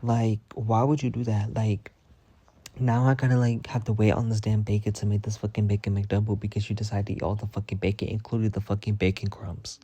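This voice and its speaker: A young man rants through stories straight to camera, cursing freely. He jumps into dramatic retellings with lots of expression. His voice is low and mellow, recorded dry and close. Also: brisk, slightly rough, no room sound. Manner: profane, dramatic, animated retelling. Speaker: vlogger. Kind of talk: casual storytelling rant.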